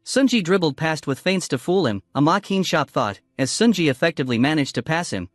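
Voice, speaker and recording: A man's voice: on the high side, lively intonation, fairly quick, no room sound, clean studio sound. A man narrating a comic-book recap story, reading every character in one voice. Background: faint background music.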